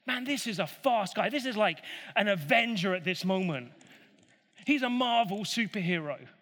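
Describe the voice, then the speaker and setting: A man retells a Bible story in a casual, animated way, dropping in jokey asides. His voice is high and bright, and the recording carries a long hall reverb. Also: normal speed.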